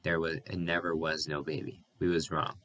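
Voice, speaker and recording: A man voicing a weary, gentle rural mother, speaking quietly and soothingly in plain country speech. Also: extremely low pitch, flat delivery, moderate pace.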